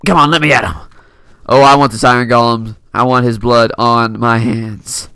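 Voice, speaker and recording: A man's voice: medium pitch, fairly even intonation, normal speed, sharp tone, smooth, dry recording, studio quality. A young man giving casual gameplay commentary from his computer, playful and laughing often, taunting opponents as he plays. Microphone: desk mic.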